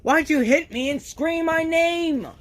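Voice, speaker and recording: A performer voicing a loud, bossy male race car who shouts in indignation, in a homemade toy role-play. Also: very high-pitched, a little slow. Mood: angry.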